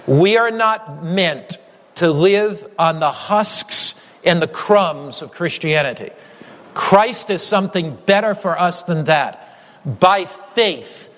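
High-pitched male preacher, emphatic and repetitive, lots of hall reverb. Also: fairly bright tone. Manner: emphatic, repetitive phrasing, slows down on key lines. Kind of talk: sermon.

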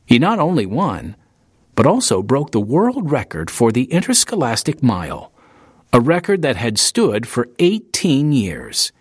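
A man reading an audiobook in steady, scripted narration into a close studio mic. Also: medium pitch, unhurried, breathy edge, dry recording. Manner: steady storytelling, lively intonation.

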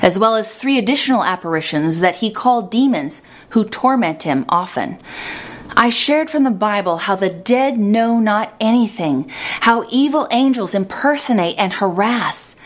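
Woman giving an earnest, measured sermon. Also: mid-range voice, expressive. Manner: earnest, measured preaching with slowed emphasis. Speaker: preacher.

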